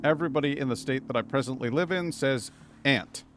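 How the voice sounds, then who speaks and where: A medium-pitched man from Massachusetts, with a New England accent, talks fairly quickly as he streams a video game. His live commentary is chatty and rambling, dotted with self-deprecating asides.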